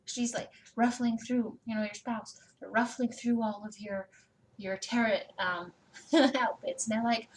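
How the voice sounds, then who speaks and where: A woman's voice: fairly high pitch, fairly even intonation, a little slow, poor audio. A woman giving a casual personal tarot reading, chatty and laughing, swearing freely and acting out little scenes. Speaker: tarot reader.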